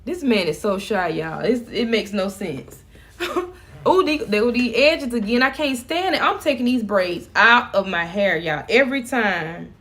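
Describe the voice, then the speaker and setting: A woman's voice: mid-range voice, animated, unhurried, fairly bright tone. A middle-aged woman vlogging from home, chatting casually and laughing as she talks to her viewers.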